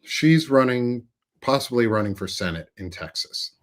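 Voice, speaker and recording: A man's voice: mid-range voice, expressive, moderate pace. A man talking politics as a guest, blunt, emphatic and profane. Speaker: guest commentator. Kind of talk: casual political chat.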